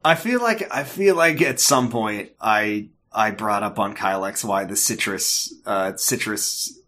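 A man's voice: lowish voice, a little slow, bright, forceful tone. A man co-hosting a podcast in casual chat, joking and rambling with fillers. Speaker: podcast co-host.

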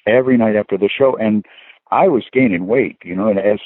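Low-voiced man rambling over a tinny phone. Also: brisk, breathy edge, dry recording. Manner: rambling anecdotes with chuckles and "you know" fillers. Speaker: guest musician. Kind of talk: casual storytelling interview. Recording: dry tinny phone line.

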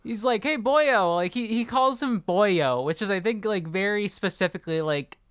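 A woman's voice: mid-range voice, animated, moderate pace, smooth, dry recording, clean studio sound. A woman co-hosting a casual book podcast, chatty and enthusiastic, swearing and restarting her sentences. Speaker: podcast co-host.

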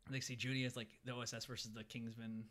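A man talking fast and brightly in a relaxed podcast chat, recapping a film scene by scene. He keeps slipping into quick impressions of the characters as he tells it. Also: medium pitch. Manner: animated, acts out characters' lines. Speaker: podcast co-host recapping a movie. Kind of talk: casual chat.

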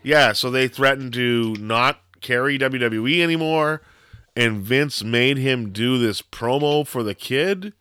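A man's voice: mid-range voice, measured pace, pushed and bright, clean tone, no echo, clean studio sound. A man co-hosting a podcast, chatting casually and telling rambling stories with lots of fillers and swearing. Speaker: podcast co-host. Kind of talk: casual chat.

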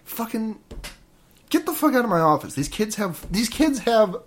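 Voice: medium pitch, big pitch swings, moderate pace, slight background noise, voice pushed up, close to an everyday voice. A podcaster voicing a middle-aged small-town cop dad who swears and snaps in exasperation. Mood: exasperated. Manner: profane, exasperated yelling. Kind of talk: casual impression in podcast chat.

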